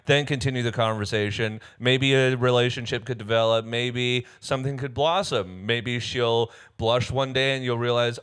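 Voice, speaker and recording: A man co-hosting a podcast talks in a loose, casual way. He is playful and drifts into joking rants. His voice has an ordinary middle pitch for a man. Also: steady tone, moderate pace, hardly any pauses, a bit bright, clear, resonant tone. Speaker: podcast co-host. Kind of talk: casual chat.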